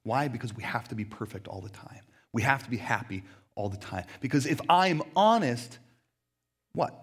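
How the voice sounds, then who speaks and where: A man's voice: medium pitch, animated, normal speed, slightly rough. A man preaching a sermon as a pastor in a church, talking in a casual, conversational way with frequent fillers.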